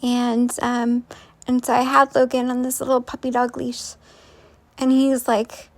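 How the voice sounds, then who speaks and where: Woman, casual storyteller, high voice, rambling, full of fillers. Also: completely flat delivery, a little slow. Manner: rambling, many fillers and restarts. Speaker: vlogger.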